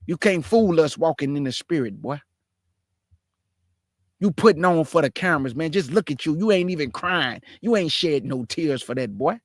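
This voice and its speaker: Guy with a high voice roasting a video, dry close sound, scolding the whole time. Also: lively intonation, normal speed, no echo. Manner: mocking, scolding, talks straight at the clip. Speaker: host reacting to a clip. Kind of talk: reaction commentary.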